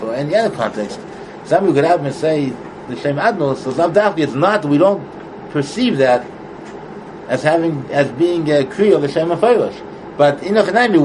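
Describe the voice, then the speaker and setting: A man giving an informal Torah study lesson, halting and repeating words as he mixes English with Hebrew and Aramaic terms. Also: a little high, noisy background. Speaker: Torah teacher.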